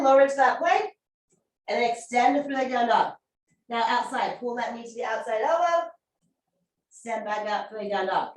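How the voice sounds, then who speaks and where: A woman's voice: fairly high pitch, slight background noise. A woman fitness instructor leading a core workout class with upbeat, encouraging, chatty cues. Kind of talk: guided workout class cueing. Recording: echoey room from far off mic.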